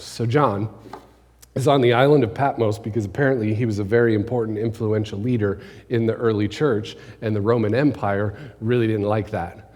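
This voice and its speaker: Pastor preaching in a reverberant church. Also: male voice, fairly low pitch, a little mellow. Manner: conversational preaching, rhetorical questions, drops to near-whisper for emphasis. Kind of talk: sermon. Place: church sanctuary. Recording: long hall reverb.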